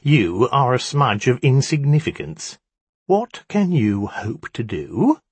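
A man's voice: mid-range voice, very animated, slow pace, a little mellow, breathy edge, dry recording, voice pushed up, exaggerated voice. A man voicing an impatient, pompous male jinn who speaks in a haughty, mocking, commanding way.

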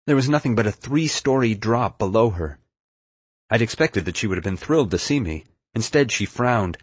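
Low husky guy narrating an audiobook, steady pace, very dry close sound. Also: moderate pace, no echo. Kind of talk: scripted first-person narration.

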